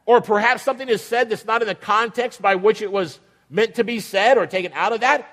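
A male pastor with a notably high voice delivers a sermon, firing rhetorical questions at his listeners and dropping into other voices for the people he quotes. His words ring out with the long reverb of a large church hall. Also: a little fast, a bit bright.

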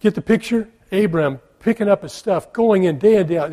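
A middle-aged American man preaching a sermon, telling stories and moving from hushed tones to loud emphatic questions. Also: high voice, normal speed, hardly any pauses. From United States. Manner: storytelling, shifting from soft hush to loud emphatic questions. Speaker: pastor.

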